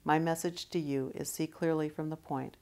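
A woman voicing a wise bird messenger in a gentle, guiding, unhurried manner. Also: deep voice, fairly even intonation.

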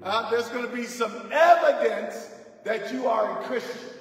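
A male pastor preaching a sermon in call-and-response, asking the church to finish his lines and rising to shouts on key points. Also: very high-pitched, measured pace. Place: church sanctuary. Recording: echoey church hall, mic far off.

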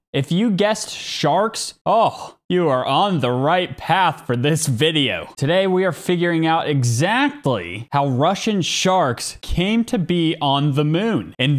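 A young man narrating a comedic review of a bad movie, full of sarcastic, joking asides. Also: on the high side.

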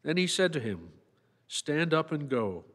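Guy reading mass readings, formal and measured, long echo from the church. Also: on the high side, very animated, a bit bright. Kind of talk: liturgical reading and psalm.

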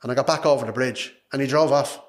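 A man's voice: mid-range voice, fast talker. An Irish man, a podcast guest, telling a personal story in a frank, emotional, rambling way, repeating his words. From Ireland.

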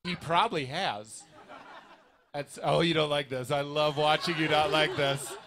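A man's voice: on the high side, fairly even intonation, unhurried, a bit bright, a little hiss or hum. A man hosting a live comedy podcast in a restaurant basement, playful and laughing often as he talks. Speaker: podcast host.

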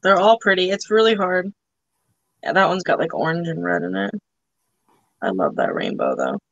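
A woman's voice: lowish voice, very animated, normal speed, vocal fry, dry recording, dull audio. Chatty woman hosting a live sale. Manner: chatty, full of "like" and "um" fillers. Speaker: live auction seller. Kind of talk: casual live-stream sales chat.

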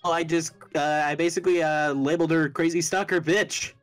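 A man reading fan fiction aloud as a casual YouTuber, halting and breaking into laughter. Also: a little high, fairly even intonation, soft background music. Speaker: YouTuber playing Sonic the Hedgehog.

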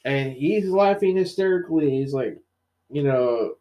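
A male podcast co-host, his voice a little high and his pace a little slow, casually walks through a comic's plot. He tells it with animation, quotes the characters, and uses many fillers.

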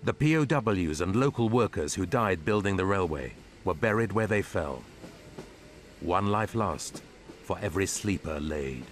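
Deep male documentary narrator. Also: expressive, slight background noise. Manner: grave, measured. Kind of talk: scripted narration.

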